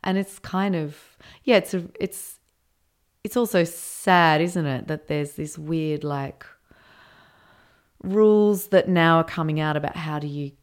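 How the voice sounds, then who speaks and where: A woman with a notably low voice speaks in a relaxed interview. She muses aloud, restarts her sentences and trails through fillers as she explains her performance work. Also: measured pace, clean tone. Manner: thoughtful, rambling, with frequent restarts and fillers. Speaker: performer and show creator being interviewed. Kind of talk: casual interview talk.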